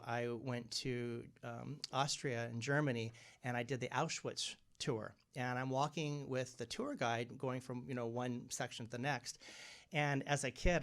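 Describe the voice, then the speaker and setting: A man with a medium-pitched voice tells stories in a relaxed interview. His delivery is animated, and he puts on the voices of people he quotes. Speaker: guest medium. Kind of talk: casual interview conversation.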